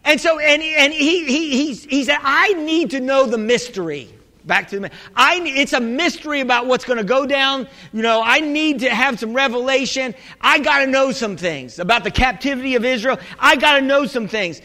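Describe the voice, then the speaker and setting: A male pastor preaching a sermon in an animated, humorous way, calling out to his congregation. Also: extremely high pitch, moderate pace, few pauses. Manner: animated, humorous preaching with audience call-and-response. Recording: echoey hall.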